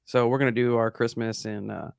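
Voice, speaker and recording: A man's voice: mid-range voice, steady tone, a little fast, gravelly, darkish tone, clear, resonant tone, no echo, clean studio sound. A middle-aged man co-hosting a podcast over a choppy internet call, talking in a laid-back, slangy way. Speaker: podcast co-host. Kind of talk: casual chat. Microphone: boom-arm mic over a call.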